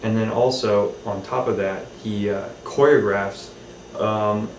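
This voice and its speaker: Brief: male director, lowish voice, easygoing and rambling, recorded at a distance in an echoey room. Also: steady tone, measured pace. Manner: rambling, many ums and restarts. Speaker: film director. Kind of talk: casual behind-the-scenes recollection. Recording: roomy, off-mic, faint hiss.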